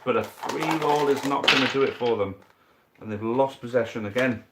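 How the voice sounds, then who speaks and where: A man commentating a football dice game live for a stream, building excitement at big moments and chatting to viewers as mates. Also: mid-range voice, moderate pace, very noisy.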